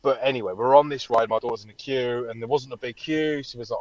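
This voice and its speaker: A man co-hosting a podcast, telling a story in an animated way and swearing freely. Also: medium pitch, quick pace, no room sound, lo-fi sound. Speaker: podcast co-host. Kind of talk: casual chat.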